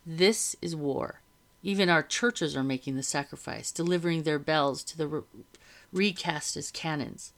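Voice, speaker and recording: A woman reading aloud, voicing a smooth, condescending male officer of the revolutionary army, with a low gravelly voice. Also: moderate pace, fairly bright tone. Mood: stern.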